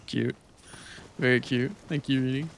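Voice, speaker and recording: A man's voice: medium pitch, steady tone, moderate pace, vocal fry, background noise. A man streaming a game from his chair at home, chatting casually with viewers in a loose, profane, rambling and playful way. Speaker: gaming streamer.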